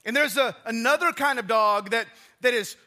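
A man preaching a casual, conversational sermon in a church, often restarting phrases and dropping low and quiet for emphasis. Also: moderate pace. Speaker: pastor.

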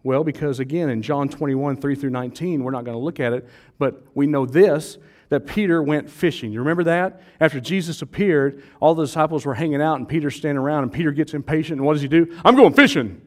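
A male pastor preaching a sermon in a church service, animated and conversational, quizzing his congregation and joking with them. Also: a little high, fast talker, few pauses.

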